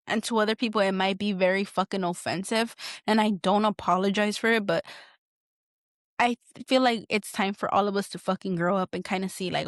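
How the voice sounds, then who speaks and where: A woman's voice: medium pitch, steady tone, fairly quick, no echo, studio quality. A woman, hosting a candid solo podcast, talking bluntly and heatedly and swearing often. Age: 20s. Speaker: podcast host.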